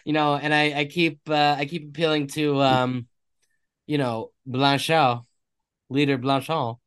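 Male podcast co-host, casual banter, quick to laugh at his own jokes, self-deprecating. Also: a little high, level tone, a bit bright, clear, resonant tone. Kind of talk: casual chat.

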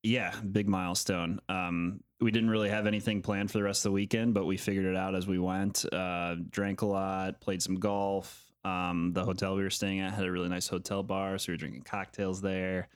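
A young man co-hosting a podcast, chatting casually in a relaxed, rambling way with fillers. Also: sits low, moderate pace, few pauses, smooth. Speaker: podcast co-host. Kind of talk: casual chat.

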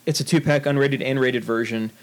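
Podcast cohost dude, mid-pitched and easygoing, rambles on with plenty of uhs. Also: male voice, fairly even intonation, brisk. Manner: rambling, full of fillers and restarts while reviewing films. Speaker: podcast co-host. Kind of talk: casual chat.

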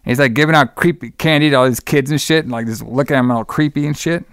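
A man's voice: medium pitch, fast talker, fairly bright tone, clean tone, no room sound, clean studio sound. A man in casual chat, retelling a movie plot in a loose, profane, rambling way and laughing often. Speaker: podcast co-host recapping a movie.

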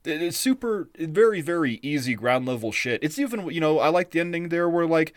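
A man co-hosting a podcast in a rambling, casual chat style, full of fillers and quick laughs. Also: a little high, animated, dry recording, studio quality. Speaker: podcast co-host.

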